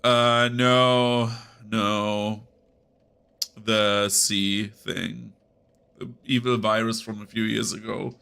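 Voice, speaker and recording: A man streaming a game in casual, rambling chat, his voice nasal and rough from a cold. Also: fairly low pitch, level tone, very slow, pushed and bright. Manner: rambling and chatty, talking over gameplay. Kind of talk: casual live-stream chat while gaming.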